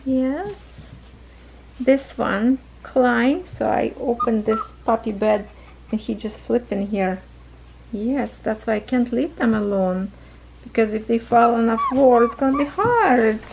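Slow-talking woman cooing to puppies. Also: animated, creaky, background noise. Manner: coos to puppies in high baby talk. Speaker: cross-stitch vlogger. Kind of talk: casual home vlog chat. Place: home room with puppies.

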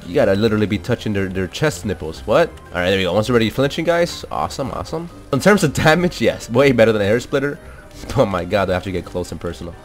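Excitable young man, lively low voice. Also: quick pace. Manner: excitable, swears, laughs often, repeats words. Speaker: gaming commentator. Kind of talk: casual gameplay commentary. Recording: faint background music.

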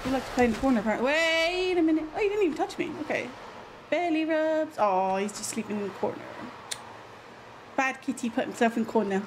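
A woman, chatting casually and excitably while streaming a game. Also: high-pitched, quick pace. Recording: noisy background.

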